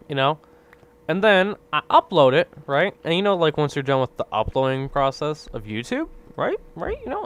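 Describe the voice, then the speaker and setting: A young man rants casually over gameplay, his pitch bouncing widely as he rambles from one gripe to the next. His voice sits a little high for a guy, and he keeps tossing out "right?" as he complains with exasperated energy. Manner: exasperated griping. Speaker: gaming video creator.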